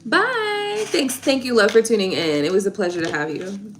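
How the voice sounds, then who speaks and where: A woman's voice: medium pitch, animated, fast, background noise. A young woman giving tarot readings on a live stream, chatting casually and emotionally with viewers.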